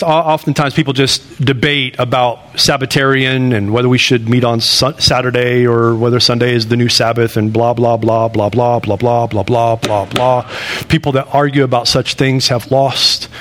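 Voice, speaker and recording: A man in his thirties preaching a sermon in a conversational way, repeating phrases and swinging from loud bursts to low, quiet lines. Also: moderate pace. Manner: animated, rising to loud bursts then dropping low and quiet. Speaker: pastor.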